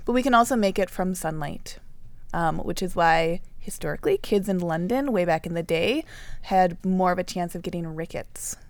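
A woman's voice: fairly low pitch, normal speed, no echo. Laughing woman podcast host, dry sound. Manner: explanatory, laughs often. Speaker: podcast co-host explaining nutrition. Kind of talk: casual podcast chat.

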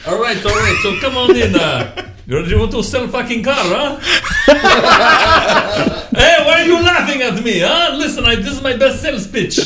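A man's voice: very high-pitched, measured pace, reverberant, heavy background noise. A man playing a hot-tempered, foul-mouthed immigrant car salesman in broken English, in improv comedy. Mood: blustering. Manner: swearing, excitable, broken English.

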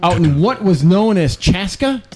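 A man playing a gruff adult man who gives a rambling pep talk, in an improvised comedy sketch. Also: high-pitched, lively intonation, unhurried, crowd noise. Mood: rousing. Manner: rambling, gravelly, theatrical.

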